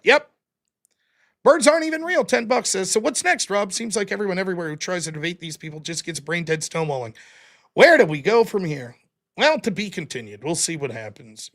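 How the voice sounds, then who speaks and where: A man hosting a casual live stream, his voice sitting high and swinging up and down in lively bursts. The tone is bright and edgy as he rattles through viewer donations. He answers them in an offhand, blunt way and swears now and then. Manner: quick, offhand thanks and blunt replies with swearing. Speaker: livestream host.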